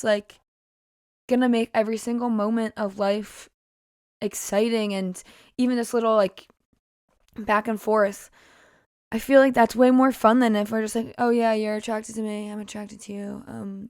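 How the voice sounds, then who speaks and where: A woman's voice: on the high side, dry recording. Giggly rambling woman, dry close sound. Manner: rambling, giggly, many fillers and tangents. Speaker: singer-songwriter discussing her song. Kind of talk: casual podcast chat.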